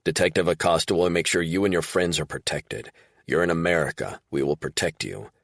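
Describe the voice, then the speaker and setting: A man's voice: deep voice, fairly quick, vocal fry, fairly bright tone, no room sound, clean studio sound, full character voice. A man playing a blunt, profane middle-aged former federal agent in an audiobook.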